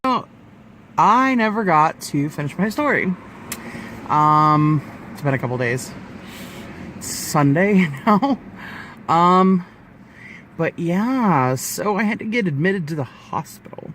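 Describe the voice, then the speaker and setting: A man in his twenties telling a personal story to camera in a casual vlog, animated and profane, acting out the people he quotes. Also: fairly high pitch, slow pace, pauses often, slight background noise. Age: 20s. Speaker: vlogger.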